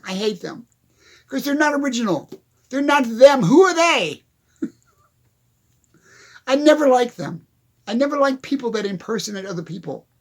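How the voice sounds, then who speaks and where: A man giving an emphatic, repetitive motivational monologue, addressing the listener directly. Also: very high-pitched. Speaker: motivational speaker.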